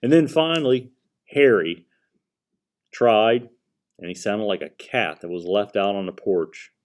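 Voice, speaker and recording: A man narrating a children's storybook aloud, reading in a gentle, expressive way. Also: lowish voice, a little slow. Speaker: audiobook narrator.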